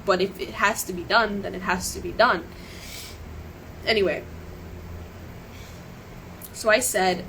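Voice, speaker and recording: A woman's voice: medium pitch, steady tone, measured pace, creaky, pauses often, fairly bright tone, slight background noise, rough recording. A woman telling her story on a live stream, shaken and close to tears, rambling, apologizing and restarting her sentences. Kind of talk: emotional live stream monologue.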